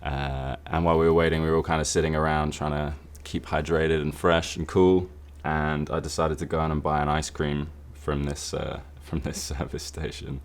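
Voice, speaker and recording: A British man from a rock band tells a travel story in a steady, dry manner. His voice sits extremely low and barely moves in pitch. He chuckles quietly here and there. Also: normal speed, few pauses. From United Kingdom. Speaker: band member. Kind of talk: casual anecdote.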